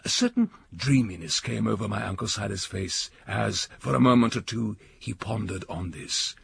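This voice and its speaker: A man narrating a story in an audiobook reading, slow and richly expressive. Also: fairly low pitch, gravelly, slight background noise.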